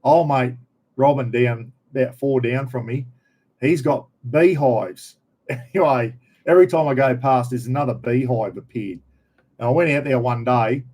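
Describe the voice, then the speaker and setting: A middle-aged Australian man rambles through a casual vlog chat, easygoing and full of slang. His voice sits at an ordinary middle pitch, and he chuckles often as he talks. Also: normal speed, a little mellow, slightly rough. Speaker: vlogger.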